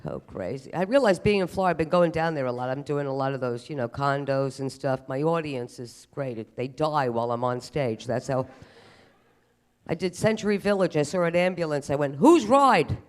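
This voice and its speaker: A man's voice: medium pitch, fairly quick, clear, resonant tone. A man performing a self-deprecating stand-up comedy routine on stage. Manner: animated, self-deprecating delivery. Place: live comedy stage at a museum event.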